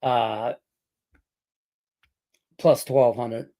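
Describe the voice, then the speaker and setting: A man's voice: medium pitch, fairly even intonation, very slow, dark tone. A middle-aged man from Detroit hosting a sports betting show, chatting casually and rambling through a profane story full of fillers. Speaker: sports betting podcast host. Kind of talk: casual chat with betting picks.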